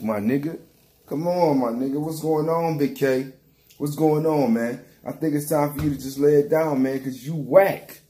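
Guy ranting hard on a vlog, mid-pitched voice, keeps hammering the same points, close mic. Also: dark tone. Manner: heated, repetitive, calls out directly. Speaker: battle rap commentator. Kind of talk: profane casual commentary rant.

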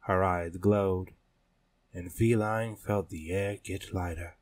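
Slow, low-voiced male storyteller. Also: fairly even intonation, a little mellow, slight background noise. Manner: measured, deliberate storytelling. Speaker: narrator. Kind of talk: scripted audiobook narration.

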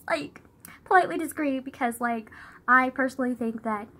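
A young woman telling a story on her phone, animated and sweary, sighing and laughing and saying "like" all the time. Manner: animated, says "like" constantly, sighs and laughs; swears freely, swings from loud outbursts to low mutters. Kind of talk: casual storytime vlog.

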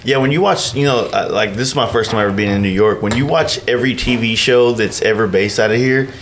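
A man from Texas hosting a podcast, chatting in a relaxed, laid-back way. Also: lowish voice, fast, noisy background. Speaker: podcast host. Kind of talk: casual podcast chat.

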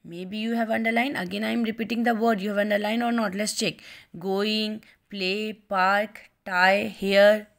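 A woman teacher with an Indian English accent, recorded at home, gives a reading lesson to young pupils. She reads slowly and explains each line in simple words. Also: medium pitch, level tone, gravelly.

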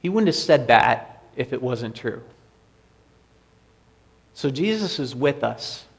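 A man preaching a sermon as pastor, slow and deliberate, asking the congregation rhetorical questions. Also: mid-range voice, big pitch swings, vocal fry. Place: church sanctuary.

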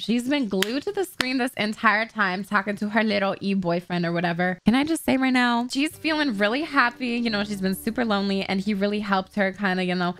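Excitable high-voiced woman gaming. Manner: excitable, swears freely, gossipy. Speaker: gaming YouTuber. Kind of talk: casual let's-play commentary.

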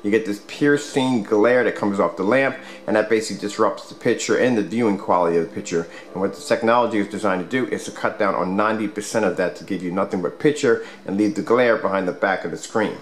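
Guy w a slightly low voice rambling thru a product demo at home, lots of ums. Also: fast talker, few pauses. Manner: rambling, loose, many fillers and restarts. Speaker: product demonstrator. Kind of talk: casual product demo vlog. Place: home room with squeaky floors.

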